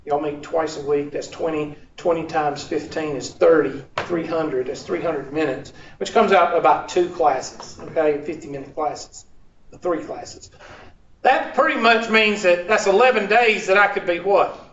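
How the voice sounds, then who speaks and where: In a large classroom, a math instructor lectures in a voice on the high side, slightly bright and a little slow, with some background noise present. He cracks jokes and invites the class to complete his sentences. The audio sounds distant, dull, and full of echo.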